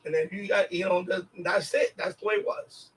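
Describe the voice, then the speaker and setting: Male stream host, New York accent, raised in the city; raspy, high-pitched, mic a bit far off. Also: brisk. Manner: rambling, laughs often, many restarts. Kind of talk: casual storytelling chat.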